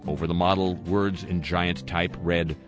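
A man with a deep, low voice reads through news items as a radio host and drops dry, sarcastic jabs between them. He delivers the commentary in a satirical, deadpan way. Music plays clearly underneath his voice. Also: measured pace. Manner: sardonic, dry asides.

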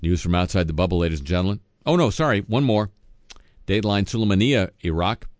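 A man's voice: sits low, lively intonation, fast talker, no room sound. A man reading satirical news as host, dropping sardonic, wisecracking asides between items.

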